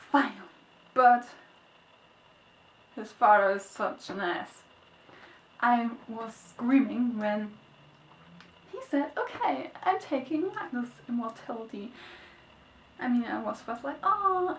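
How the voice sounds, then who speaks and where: A young woman reviewing a book in a casual vlog, gushing and excitable, swinging between squeals and sad murmurs. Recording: echoey, distant, low-quality webcam audio.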